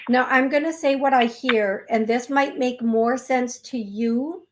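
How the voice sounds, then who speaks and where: Slow-talking woman psychic host. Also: a little high, steady tone, slight background noise. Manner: gentle, chatty, spells words out letter by letter. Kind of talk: call-in psychic reading.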